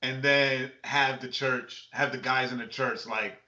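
A man who is a pastor chatting casually on a podcast, animated, laughing often and acting out quotes. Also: mid-range voice, unhurried. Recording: echoey room, dull lo-fi sound.

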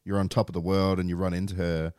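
A man, a podcast co-host chatting and asking questions in a lively way. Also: sits low, fast, clean tone, no echo, studio quality. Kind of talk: casual chat.

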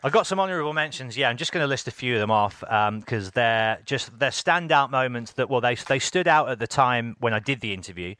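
A man's voice: medium pitch, brisk, hardly any pauses, dry recording. A man from England, a podcast host and music interviewer, telling stories in casual chat with frequent laughs and acted-out quotes. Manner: animated, laughs often, acts out quotes.

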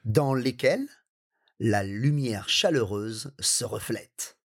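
A man with a French accent, co-hosting a language lesson, reading a text in chunks and asking quick questions. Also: medium pitch, lively intonation. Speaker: native-speaker co-host. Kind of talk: reading a text aloud and chatting.

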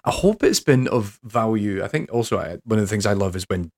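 A man's voice: fairly low pitch, lively intonation, brisk, darkish tone. An English man hosting a podcast in casual chat, rambling and self-deprecating, with many restarts. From England. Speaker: podcast host.

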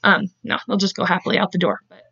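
A woman's voice: on the low side, fairly even intonation, fast, fairly bright tone, husky, dry recording, dull audio. Chatty, foul-mouthed woman podcaster. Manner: profane, chatty, laughs and goes off on tangents. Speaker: podcast co-host. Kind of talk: casual true-crime chat.

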